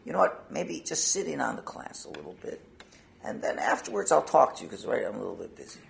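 A gentle old rabbi, voiced by a man telling a story, speaking in a low, slow hush. His words trail off nearly to a whisper, and a gravelly texture runs underneath. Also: wildly swooping pitch, a little hiss or hum, heavily acted. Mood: kindly. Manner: hushed, slow, sinking to a near whisper. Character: gentle elderly rabbi, soft-spoken, patient teacher.

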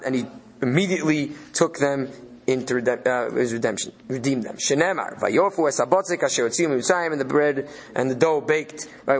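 A man leading a study session, reading out Hebrew phrases and translating them as he thinks aloud. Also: mid-range voice. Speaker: Torah study leader.

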